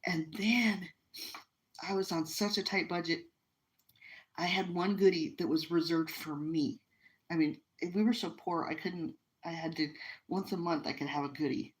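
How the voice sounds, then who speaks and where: A middle-aged woman from the United States talks with a low, deep voice. She tells a personal story casually and earnestly, with emotion and frequent restarts. She is hosting a live stream from home by the fire. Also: steady tone, normal speed, rough recording. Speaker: livestream host.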